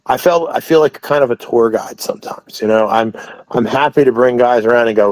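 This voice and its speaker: A man's voice: medium pitch, fairly quick, a little mellow, no room sound, low-quality recording. A man who owns a wrestling promotion, telling stories as an interview guest in a rambling way, full of restarts and asides. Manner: rambling, many restarts and "you know" asides. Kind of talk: casual interview storytelling.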